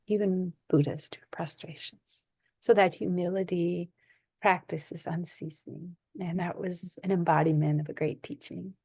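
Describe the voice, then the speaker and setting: A woman from the United States tells animated stories as a guest, breaking into laughter often. Her voice sits fairly low. The recording is close and dry. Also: normal speed, slightly rough, no echo. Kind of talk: conversational storytelling.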